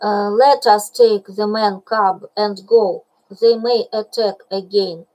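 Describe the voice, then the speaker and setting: A woman's voice: mid-range voice, fairly even intonation, slow, mellow, natural voice, low-quality recording. A woman voicing a weary male panther in a storybook reading, speaking urgently. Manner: urgent, breathless. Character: male black panther, weary after a fight.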